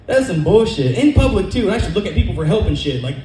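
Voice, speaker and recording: A man's voice: high voice, sing-song, warm tone, reverberant, rough recording. A man from California doing a rambling, profane stand-up set at a comedy club open mic, speaking into a stage microphone. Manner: rapid, profane, rambling storytelling.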